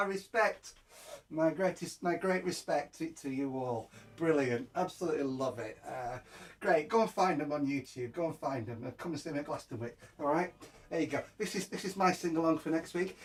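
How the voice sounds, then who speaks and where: A man's voice: on the high side, normal speed, distant mic. A man hosting a live music show, chatting casually, laughing often and stumbling over fillers and restarts. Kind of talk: casual live-stream chat. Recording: guitar playing behind the voice. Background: guitar music.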